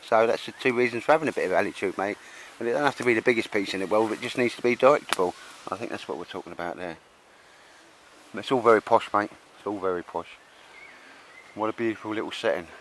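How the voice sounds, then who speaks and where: A man's voice: lowish voice, racing, hardly any pauses, fairly bright tone, a little hiss or hum, low-quality recording. A man chatting casually and rambling at a woodland camp outdoors. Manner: chatty, rambling, laughs often. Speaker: host.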